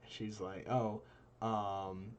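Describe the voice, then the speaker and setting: Young guy on a stream telling a story, lowish voice, does all the voices, bit of noise behind. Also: slow, muffled recording. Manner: animated, voices quoted friends with big jumps in pitch. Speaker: live stream co-host. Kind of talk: casual storytelling.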